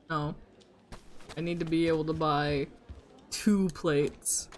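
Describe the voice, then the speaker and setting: A woman's voice: low voice, fairly even intonation, slow pace, faint music behind. A woman streaming a video game, ranting in exasperation and swearing at her opponent while talking to her chat. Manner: talks to her chat audience. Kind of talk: casual live-stream commentary.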